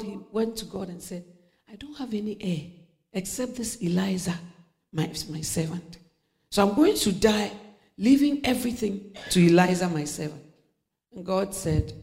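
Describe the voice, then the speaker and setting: A woman's voice: medium pitch, vocal fry, mellow. A middle-aged woman preaching a sermon, telling stories with laughter, acting out voices and dropping to near-whispers.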